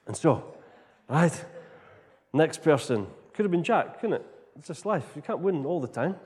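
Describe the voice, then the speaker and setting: High-voiced preacher man in an echoing hall. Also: moderate pace. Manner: animated storytelling, keeps tagging "right?". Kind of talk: storytelling sermon. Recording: long reverb of a large hall.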